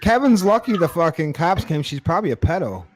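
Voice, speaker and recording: A slightly higher-pitched man chatting on a podcast, delivering dry crude jokes in an offhand way. A faint hiss sits under his voice. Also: sing-song, brisk. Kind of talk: casual crude banter.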